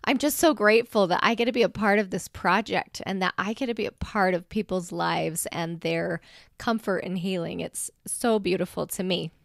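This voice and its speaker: A woman's voice: fairly low pitch, fairly even intonation, moderate pace, creaky, dry recording. A woman hosts a faith podcast. Her manner is gushing and tender and edges toward emotion. The sound is close and dry, with no room in it. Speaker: podcast host. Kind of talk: faith podcast outro and interview.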